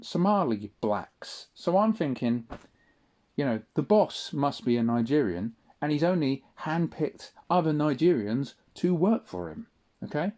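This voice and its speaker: A man's voice: fairly high pitch, darkish tone. A young man delivering an indignant, sweary solo audio-log monologue, tagging his points with questions. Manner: indignant ranting, frequent tag questions and swearing. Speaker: vlogger.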